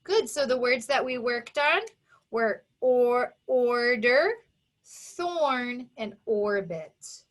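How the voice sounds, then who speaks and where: A woman teaching a phonics lesson to young children, who sounds out each sound and syllable with slow, careful emphasis. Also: a little high, expressive. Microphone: recorded for an online video lesson.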